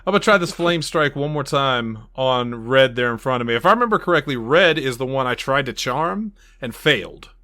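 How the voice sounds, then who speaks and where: Playful man with a dry, bright voice. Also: mid-range voice, brisk, hardly any pauses, no echo. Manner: playful, animated storytelling. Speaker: player. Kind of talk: tabletop game play.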